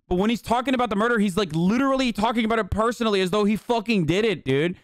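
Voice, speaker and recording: A man's voice: high voice, fast, hardly any pauses, no room sound, studio quality. A young man reacting on a stream in casual, profane commentary, ranting and acting out outbursts. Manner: profane, excitable, rants and acts out outbursts.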